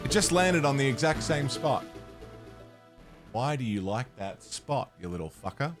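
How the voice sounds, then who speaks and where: A man's voice: mid-range voice, very animated, a little slow, soft background music. An Australian man chatting casually on a game stream, swearing freely, laughing often and rambling with restarts. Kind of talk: casual stream chat while gaming.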